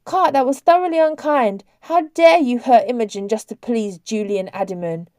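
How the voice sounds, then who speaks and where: Woman reading a scolding ghost girl, higher and sharper than narration, mellow base tone. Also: moderate pace, no room sound, clean studio sound, close to an everyday voice. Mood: indignant. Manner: scolding, indignant.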